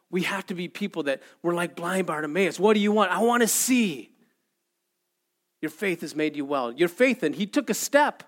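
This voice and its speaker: A man preaching a sermon, telling a story with animated delivery and shouting out the lines he acts out. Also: high-pitched. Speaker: pastor.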